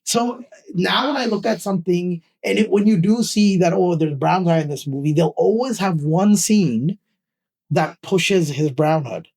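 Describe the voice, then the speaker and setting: A man with a Canadian accent, an actor talking casually in an interview, animated and emphatic as he makes his points. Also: normal speed, gravelly. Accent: Canadian English. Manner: animated, emphatic, rising pitch when making a point. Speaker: actor guest.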